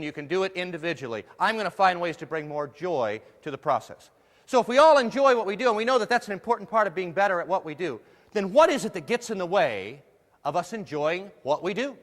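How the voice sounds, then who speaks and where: Male keynote speaker, jokey and engaging with the crowd, high voice, lots of hall reverb. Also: a bit bright. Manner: playful, jokey, asks the audience questions. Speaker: motivational speaker. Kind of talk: humorous keynote talk to a live audience.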